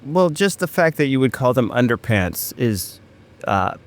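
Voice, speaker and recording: Man, improv comedy, sheepish halting delivery, lively swooping pitch.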